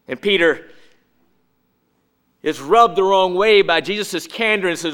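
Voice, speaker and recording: Male preacher, high voice, dynamic sermon delivery with rhetorical questions. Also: a little slow, long pauses, clean tone. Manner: rhetorical questions, swinging from emphatic to hushed.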